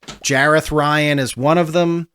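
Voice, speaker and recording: A man playing a threatening soldier lieutenant in an armored suit, speaking low and clipped. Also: fairly even intonation, takes it slowly, fairly bright tone, clean tone. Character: menacing male soldier lieutenant in a broken suit.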